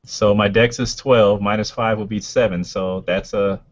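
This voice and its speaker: A man with a very low voice talks through his turn in a tabletop game, hesitant and filling pauses as he thinks. The sound is dull and lo-fi, like a voice call. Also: fairly even intonation. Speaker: player. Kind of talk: casual tabletop game talk. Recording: dull lo-fi voice chat audio.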